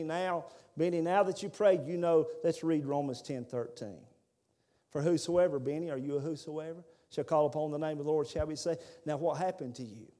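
A man's voice: fairly high pitch, dark tone. A man, preaching a sermon as a fervent storyteller. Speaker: pastor.

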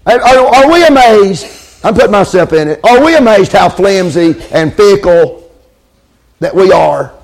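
A preacher with a fairly high voice delivers his sermon. He calls for amens and repeats his lines for emphasis. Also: expressive, measured pace.

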